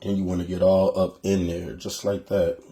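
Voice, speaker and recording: A man with a Philadelphia accent walks viewers through a recipe step by step, chatty and easygoing. His voice sits a little low, with a warm, mellow tone. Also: little pitch movement, moderate pace, gravelly. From Philadelphia, USA. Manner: chatty, addresses viewers as "y'all". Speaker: cooking show host. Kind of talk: casual cooking tutorial.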